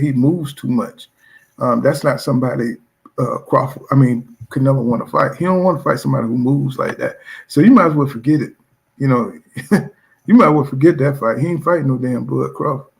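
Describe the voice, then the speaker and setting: A man with a gravelly, fry-edged voice talks through boxing news on his own channel. His delivery is loose and blunt, circling back on himself with constant fillers. He stays at an ordinary middle pitch as he reacts to viewer comments. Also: a little mellow. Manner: loose, repetitive, leans on "you know what I'm saying"; blunt and profane.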